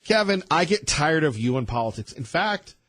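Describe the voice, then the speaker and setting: Male talk show host, husky voice, dry close sound, emphatic, rambling. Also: a little high, very animated, normal speed, fairly bright tone, no room sound. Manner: emphatic, rambling, with many restarts. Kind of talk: talk radio monologue.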